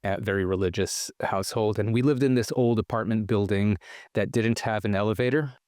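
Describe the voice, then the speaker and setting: A man from Israel telling a childhood story as a podcast guest, animated and acting out the voices of the people in it. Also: lowish voice, a little fast, clear, resonant tone, no echo, studio quality. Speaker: guest entrepreneur. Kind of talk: casual storytelling interview.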